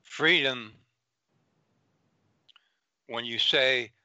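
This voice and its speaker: Slow, deliberate man with a bright voice. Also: mid-range voice, no echo, dull audio. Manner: deliberate, explanatory, rhetorical questions. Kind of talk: conversational interview talk.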